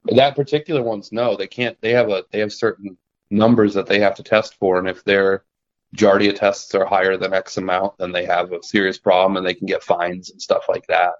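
A young man with a lowish voice tells his trapping stories in a loose, rambling way, stopping and restarting mid-thought and chuckling at his own tales. The recording sounds dull and lo-fi. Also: level tone, fairly quick. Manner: rambling, self-interrupting, laughs at own stories. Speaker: guest, trapper. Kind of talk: casual storytelling in conversation.

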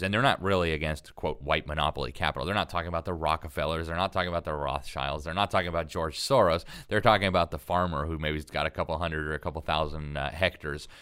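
Deep-voiced man explaining history emphatically. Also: a bit bright, clear, resonant tone. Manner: emphatic, explanatory, with frequent fillers and restarts. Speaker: interview guest, magazine editor. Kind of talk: conversational interview.

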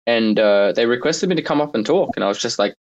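A man's voice: medium pitch, animated, quick pace, lo-fi sound. A man telling stories in a loose, rambling way in a live audio chat room, filling his talk with "like" and laughing often. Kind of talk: casual banter.

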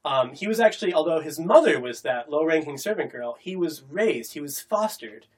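High voiced guy telling an old story, super animated and expressive. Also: moderate pace. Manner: animated, acts out the quotes. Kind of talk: casual storytelling chat.

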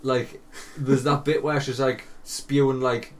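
A man's voice: medium pitch, little pitch movement, a little slow. A young man, co-hosting a podcast and telling stories animatedly, swearing and laughing a lot. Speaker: podcast co-host. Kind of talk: casual chat. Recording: voice a bit distant from mic, faint hiss.

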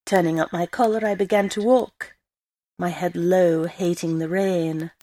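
A woman reading a first-person story aloud in a measured storytelling way. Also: on the low side, fairly even intonation, mellow, dry recording. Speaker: story reader.

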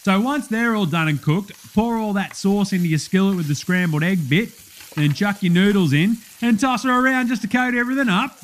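A man's voice: sits high, fairly quick, slight background noise, lightly acted. A man doing a boisterous Australian bloke hosting a cooking show, with a broad Australian accent and rowdy, slang-heavy banter in a comedy sketch.

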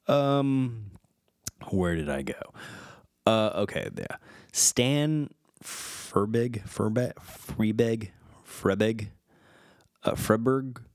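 A man hosts a casual film retrospective podcast, his fairly low voice captured in a dry, studio-quality recording. He reads fun trivia aloud, stumbles over names and chuckles.

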